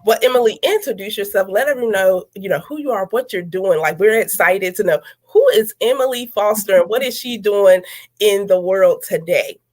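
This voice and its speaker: A woman's voice: medium pitch, normal speed. Emphatic woman hosting. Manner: emphatic and encouraging, with repeated phrases. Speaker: host. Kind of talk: energetic talk show hosting.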